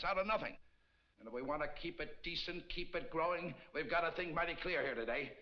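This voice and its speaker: An actor playing a middle-aged man who chairs a town meeting and talks earnestly to win the room over, in a dull old film soundtrack. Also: fairly high pitch. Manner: earnest, persuasive speechmaking. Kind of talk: 1950s film acting.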